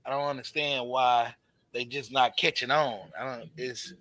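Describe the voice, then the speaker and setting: A man's voice: mid-range voice, fairly even intonation, moderate pace, sharp tone, dry recording, rough recording. A man hosting a podcast in casual chat, encouraging and full of slang. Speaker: podcast host.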